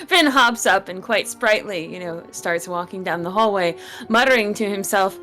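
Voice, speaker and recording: A woman's voice: mid-range voice, normal speed, few pauses, pushed and bright, soft background music. A woman player in a tabletop game, describing what her character does.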